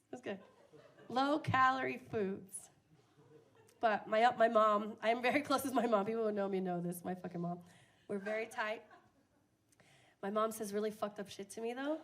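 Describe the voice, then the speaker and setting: A young woman doing a crude, self-mocking stand-up comedy set on a bar stage, often laughing at her own jokes. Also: a little high.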